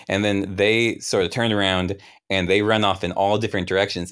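A young man with a low, resonant voice narrates his character's memory in an improvised tabletop game. He rambles and interrupts himself, dropping wry asides along the way. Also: fairly even intonation, normal speed, fairly bright tone, clear, resonant tone.

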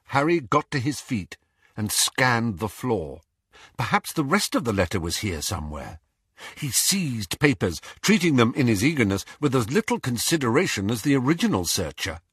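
A man reading a novel aloud as an audiobook, telling it expressively and slowing or speeding up for tension. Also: mid-range voice, slightly rough, dry recording, studio quality. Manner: expressive storytelling, shifting pace for tension. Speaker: audiobook reader. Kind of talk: audiobook narration.

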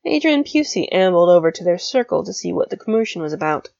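A woman reads a story aloud in a steady, even storytelling voice of middle pitch. The recording is dry with no room sound and slightly dull in tone. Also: fast talker, gravelly, few pauses, no echo. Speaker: audiobook reader. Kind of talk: fan fiction audiobook narration.

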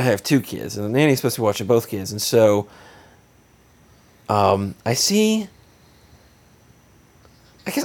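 Exasperated man telling a story. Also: medium pitch. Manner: animated, exasperated, joking. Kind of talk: casual anecdote.

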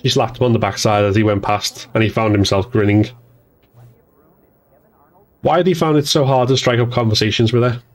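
Measured male audiobook narrator. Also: medium pitch.

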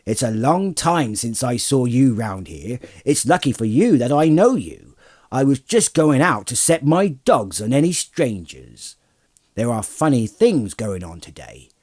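A man voicing a gruff, hearty middle-aged hobbit farmer with a loud, folksy, blustery way of talking. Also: mid-range voice, sing-song, unhurried.

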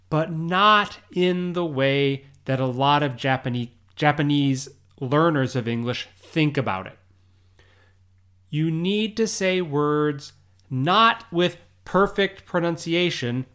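A man explains pronunciation to English learners in a relaxed, unhurried way. His voice sits a little high, and he breaks into a quick drawl when he quotes himself. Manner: storytelling, quoting himself in a quick Southern US drawl. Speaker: English teacher. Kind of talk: casual explanatory lesson.

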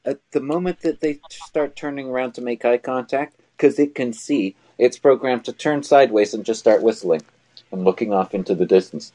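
A man's voice: mid-range voice, fairly quick, mellow. A man in a casual livestream chat, playful and jokey, spinning silly scenarios.

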